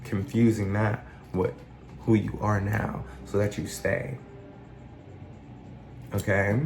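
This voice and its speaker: Man, life coach type, low voice, reflective casual commentary, roomy echo with faint music underneath. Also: little pitch movement, takes it slowly, a little mellow. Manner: reflective, explains with examples, paraphrases lines in an imagined speaking voice. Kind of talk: casual spoken commentary on song lyrics.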